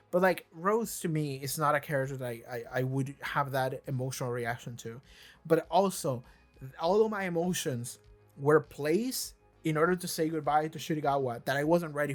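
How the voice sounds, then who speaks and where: Rambling, stammering reaction host. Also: mid-range voice. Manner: rambling, stammering restarts, swearing, excitable. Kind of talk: casual reaction commentary. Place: seated in a chair.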